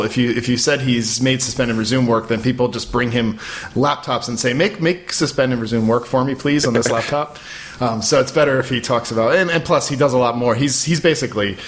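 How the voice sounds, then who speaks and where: A man co-hosting a podcast in casual chat, quick and often repeating words as he restarts. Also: mid-range voice. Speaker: podcast co-host.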